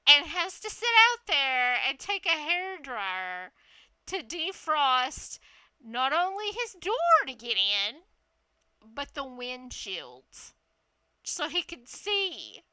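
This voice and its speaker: A woman telling a story casually, animated and laughing, swearing freely. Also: sits high, slow pace, no room sound.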